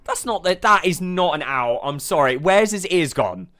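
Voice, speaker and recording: Lively man reacting with loud exclamations. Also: a little high, moderate pace. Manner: exclamatory, swears freely, laughs often. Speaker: reaction video host. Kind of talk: casual reaction commentary.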